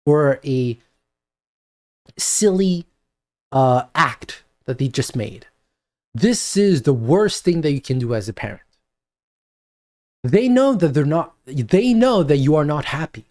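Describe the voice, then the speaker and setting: A man delivering a lecture to parents in a slow, deliberate way. His pitch moves widely as he stresses his points. He repeats key phrases for emphasis. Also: a little mellow. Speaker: lecturer giving parenting advice. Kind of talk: spoken video lecture.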